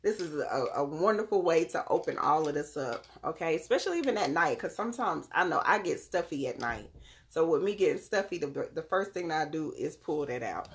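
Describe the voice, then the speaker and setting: A young woman with a low, expressive voice talks briskly while live-streaming casually from home on her phone. Selling crystals and readings, she greets viewers by name and demonstrates her products.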